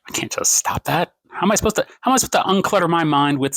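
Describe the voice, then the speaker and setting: A man's voice: sing-song, fast talker, few pauses, a bit bright, dry recording. Rambling self-mocking man, dry sound. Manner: rambling, self-mocking, shifts pace and pitch for emphasis. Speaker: TikTok creator. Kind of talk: late-night self-help rant to camera. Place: home at night. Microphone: phone camera.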